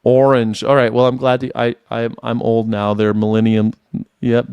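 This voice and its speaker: A man's voice: medium pitch, little pitch movement, normal speed, creaky, a little mellow, smooth, dry recording, lo-fi sound. Man in his forties, casual livestream host, rambling and laughing, dry close sound. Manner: rambling, laughs often, repeats words. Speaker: independent news and culture commentator.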